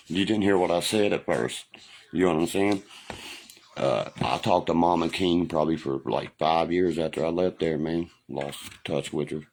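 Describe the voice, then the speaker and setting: A man chatting on a livestream, telling profane stories loudly and answering viewers' comments. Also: deep voice, normal speed, vocal fry. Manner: profane, loud storytelling, reads and answers comments. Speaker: livestream host. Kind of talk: casual livestream chat, reminiscing. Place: home livestream.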